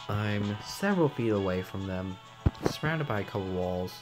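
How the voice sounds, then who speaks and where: A young man talking over a game playthrough from his room at night, keeping his voice half-hushed. He stammers, swears freely, and slips into reading lines from the game, with faint music under him. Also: on the low side, animated, moderate pace. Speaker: let's play commentator. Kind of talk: casual game commentary and voicing dialogue.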